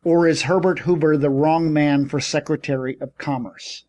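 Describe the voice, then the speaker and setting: A man's voice: fairly high pitch, fairly even intonation, moderate pace, dark tone, close to an everyday voice. A man voicing a jeering, sarcastic middle-aged sea captain in an audiobook.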